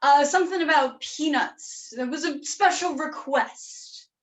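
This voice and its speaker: A woman's voice: high-pitched, unhurried. A woman playing a sulky, melodramatic pizza cook in a sixties lounge improv scene, singing now and then. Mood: dramatic. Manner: drawling, dramatic, breaks into song. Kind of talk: online improv comedy.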